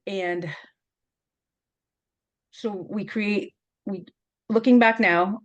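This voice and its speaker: A middle-aged woman interviewing an old college teammate, reminiscing in a lively, laughing, storytelling way. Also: on the low side. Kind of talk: casual reminiscing conversation.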